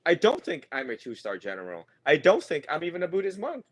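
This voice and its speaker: A man's voice: on the high side, wildly swooping pitch, fairly quick. A man teaching students in a loose, joking way, rambling and laughing as he goes. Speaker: monk teacher. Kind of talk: casual teaching talk.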